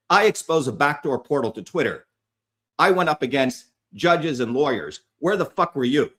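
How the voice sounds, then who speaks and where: A man's voice: medium pitch, fairly bright tone. A man hosting a livestream, delivering a heated, profane, combative rant at his viewers. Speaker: livestream host.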